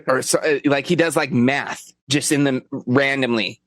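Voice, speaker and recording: A man's voice: mid-range voice, fairly even intonation, a little slow, fairly bright tone, dry recording. A man co-hosting a podcast in casual chat, blunt and swearing freely as he jumps in to explain things. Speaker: podcast co-host.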